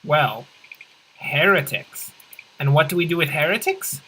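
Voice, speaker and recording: Let's play host, bright edgy tone, middling pitch; deadpan rambling jokester who backpedals mid-thought. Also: unhurried, long pauses, slightly rough, poor audio. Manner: rambling deadpan absurd humor, often correcting themself; swings in pitch and pace for comic emphasis. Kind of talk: casual gameplay commentary.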